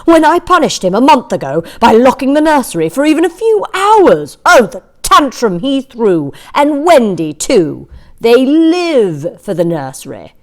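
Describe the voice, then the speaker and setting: A frightened housewife on the edge of tears, begging and pleading in a high, lively voice, put on by a woman reading the story aloud. Her pitch leaps up and down as the fear shows through. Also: unhurried. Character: anxious frightened housewife, tearful.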